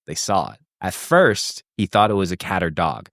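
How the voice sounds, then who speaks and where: A man's voice: low voice, sing-song, normal speed, fairly bright tone, no echo, clean studio sound. A man hosting a podcast, telling a spooky tale in a casual way, swearing and laughing at his own lines. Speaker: podcast host telling the story.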